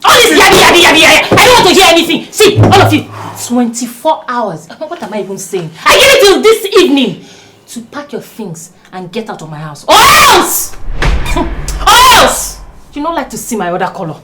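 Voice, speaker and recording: A woman's voice: high-pitched, wildly swooping pitch, fairly quick. An actress with a Nigerian accent playing an arrogant young bride who orders her in-laws out. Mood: shouting. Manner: scornful, bossy, shouting. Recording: noisy background.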